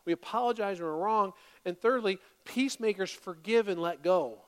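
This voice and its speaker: A man delivers a sermon from the pulpit of a church, his voice sitting high for a man. He moves between plain teaching and animated, louder acted-out apologies as he makes his points. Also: moderate pace, smooth, big-room sound. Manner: animated, acts out quoted apologies in a raised voice. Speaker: pastor. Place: church sanctuary.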